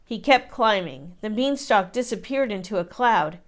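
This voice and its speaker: An expressive storyteller, this woman teacher reads a children's picture book aloud. Her voice is mid-range and her speed normal.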